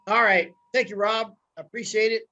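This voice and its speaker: A man's voice: high voice, steady tone, a little fast, sharp tone, muffled recording, a little hiss or hum. A man hosting a casual chat, mostly giving brief reactions before wrapping up the episode. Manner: brief reactions and wrap-up remarks. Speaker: host.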